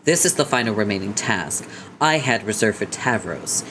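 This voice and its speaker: A man's voice: on the low side, lively intonation, moderate pace, sharp tone, a little hiss or hum. Male reader voicing an arrogant teen troll girl, blunt and pushy. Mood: bossy. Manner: bossy, blunt.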